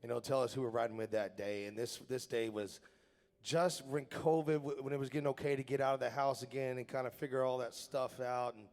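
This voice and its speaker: A man's voice: medium pitch, little pitch movement, brisk, a little mellow. A man, a country singer-songwriter, chatting and telling stories on stage between songs, laughing and poking fun at himself. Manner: self-deprecating, laughing, loose storytelling. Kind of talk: onstage banter and storytelling between songs. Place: theater stage at a live benefit show. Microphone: stage microphone. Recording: live theater hall echo with guitar.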